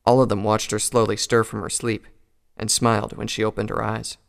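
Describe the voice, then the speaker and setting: A man reading a pony fan fiction story aloud in a calm, even storytelling voice. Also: lowish voice, a little fast, creaky, clean tone. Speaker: narrator.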